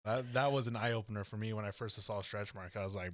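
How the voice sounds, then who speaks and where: An easygoing man hosting a casual podcast, joking around and swearing freely. His voice sits somewhat low. The sound is close and dry. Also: steady tone, fast, dry recording. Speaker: podcast host.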